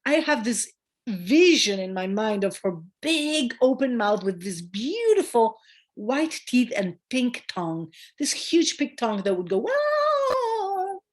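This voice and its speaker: A woman midwife talks as a guest in a conversational interview, her fairly high voice swooping up and down as she tells a story. She is emphatic and acts out the voices of the people in it, with the odd hesitant filler. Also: a little slow. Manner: animated storyteller who acts out quoted voices.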